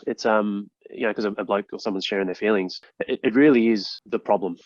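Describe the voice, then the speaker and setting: A man's voice: lowish voice, fairly quick, no echo, lo-fi sound. A man hosting a casual podcast interview, talking in an emphatic, sweary way with frequent restarts. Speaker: podcast host.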